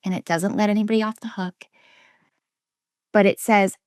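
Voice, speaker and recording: A woman's voice: medium pitch, fairly even intonation, normal speed, clean tone, no room sound. Earnest woman sharing a raw personal story. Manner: earnest and emphatic, with frequent restarts and quoted inner voices; drops to a soft, near-whispered tone at heavy moments. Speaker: interview guest, relationship coach.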